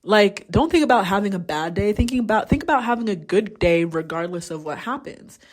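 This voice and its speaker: A woman's voice: mid-range voice, expressive, fairly quick. A young adult woman hosting a podcast, talking candidly in a casual solo monologue and swearing freely. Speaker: podcast host.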